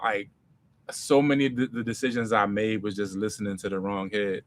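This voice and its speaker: A man, telling slangy, animated stories as a comedy creator in a casual Q&A. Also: on the low side, brisk. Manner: animated, slangy, swings loud and soft. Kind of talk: casual storytelling Q&A.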